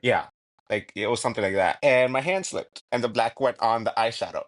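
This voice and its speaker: A man's voice: mid-range voice, brisk, a bit bright. A man co-hosting a podcast, rambling through stories with restarts and casual swearing. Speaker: podcast co-host.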